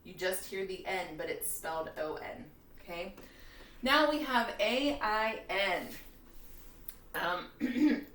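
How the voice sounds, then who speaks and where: A woman's voice: mid-range voice, fairly bright tone. Patient woman teaching spelling, echoey. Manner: patient, explains slowly with frequent "okay?" checks. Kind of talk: spelling lesson for fourth graders.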